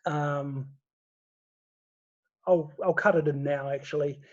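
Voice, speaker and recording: A man's voice: on the high side, fairly even intonation, takes it slowly, highs cut off. A man chatting casually as a guest, laughing often and restarting his words. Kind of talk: casual chat.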